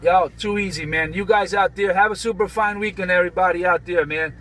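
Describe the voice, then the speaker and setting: A man's voice: sits high, steady tone, brisk, heavy background noise. A man in a vehicle bantering on CB radio, teasing other drivers and repeating his catchphrases. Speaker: trucker on CB radio.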